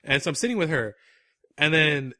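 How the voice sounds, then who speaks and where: A young man co-hosts a podcast, telling a story in a casual, animated way and breaking into laughter along the way. His voice sits a little higher than most men's. It is recorded dry and close, with no room sound. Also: moderate pace, dry recording. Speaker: podcast co-host.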